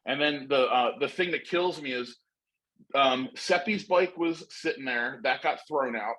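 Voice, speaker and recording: A man's voice: medium pitch, unhurried, fairly bright tone, low-quality recording. A middle-aged man telling a long story in casual chat, rambling and profane with lots of fillers.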